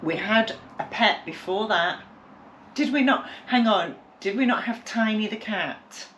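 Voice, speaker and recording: A co-host reminisces in a relaxed family chat, laughing often. The pitch sits mid-range. The recording has a noticeable room echo. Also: unhurried, dull audio, slight background noise. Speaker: podcast co-host. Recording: roomy echo.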